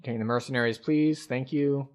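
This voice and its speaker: Game streamer, male, mid-pitched, easygoing running commentary that explains each move. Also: steady tone, brisk, darkish tone. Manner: thinks aloud, explains game mechanics at an easy pace. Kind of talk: casual gameplay commentary.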